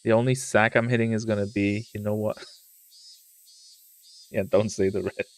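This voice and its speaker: A man's voice: fairly low pitch, level tone, moderate pace. A man streaming live, chatting and rambling while reading a visual novel aloud. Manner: rambling, self-interrupting.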